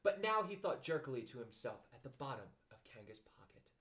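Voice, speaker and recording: A man reading a children's storybook aloud as narrator, in gentle, expressive storytelling. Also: mid-range voice, a little fast, hardly any pauses.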